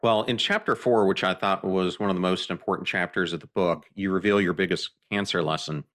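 A man hosting a podcast interview, asking earnest, deliberate questions. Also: deep voice, fairly even intonation, a bit bright. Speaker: podcast host.

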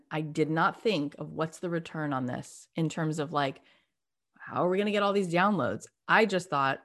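Middle-aged woman telling a story, animated and emphatic, a bit low voice. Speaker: podcast host and guest. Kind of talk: casual storytelling conversation.

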